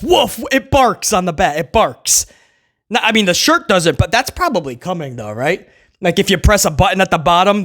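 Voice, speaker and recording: A man's voice: high voice, fairly bright tone. A man giving sarcastic, mocking commentary as a wrestling show reviewer, laughing at his own jokes as he goes. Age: adult who was a kid in the late 1990s. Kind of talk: casual commentary.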